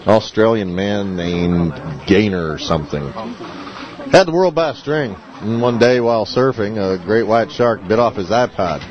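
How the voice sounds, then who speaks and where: A man's voice: fairly low pitch, lively intonation, a little slow, crowd noise. An actor playing a laid-back, wisecracking male collector in a comedy radio play, with a dry, offhand delivery. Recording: slightly muffled recording.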